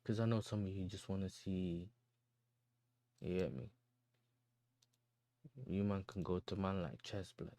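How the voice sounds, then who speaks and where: A man's voice: low voice, fairly even intonation, a little slow, long pauses, dark tone, dry recording. A man hosting a football livestream, chatting casually in slang and talking straight to his viewers. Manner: slangy, laid-back, addresses chat directly.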